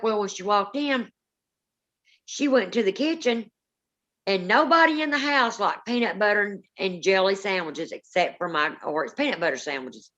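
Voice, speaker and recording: A woman's voice: mid-range voice, a bit bright, lo-fi sound. A woman, co-hosting a paranormal live stream, telling rambling family stories with many restarts. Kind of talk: casual live-stream storytelling.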